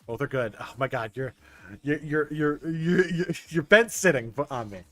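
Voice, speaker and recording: An excitable young man streams a baseball game and talks straight to his chat, stumbling through quick restarts. His voice sits somewhat high, recorded close and dry. Soft game music plays underneath. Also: no echo. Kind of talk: casual gameplay commentary talking to chat.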